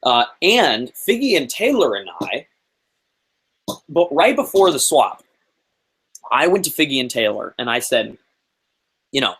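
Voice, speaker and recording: A young man in his twenties, a guest on a chat show, telling a story in a lively, animated way, full of fillers and acted-out quotes. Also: mid-range voice, a little slow, pauses often, breathy edge, low-quality recording. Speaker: interview guest. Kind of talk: casual storytelling.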